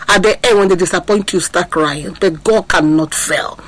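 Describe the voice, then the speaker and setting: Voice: medium pitch, animated, moderate pace, hardly any pauses, fairly bright tone, low-quality recording. Impassioned preacher with sing-song delivery. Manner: asks the audience to listen. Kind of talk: sermon.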